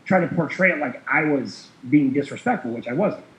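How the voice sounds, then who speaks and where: A man's voice: on the high side, animated, fairly quick, slight background noise. A man telling a long story in casual chat, rambling with many fillers and small chuckles. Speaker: guest. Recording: roomy, dull lo-fi sound.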